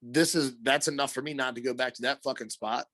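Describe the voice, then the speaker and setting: A man's voice: mid-range voice, steady tone, brisk, fairly bright tone, no room sound. A man co-hosting a podcast, telling a long story in a rambling, profane way, full of fillers. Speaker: podcast co-host. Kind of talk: casual storytelling.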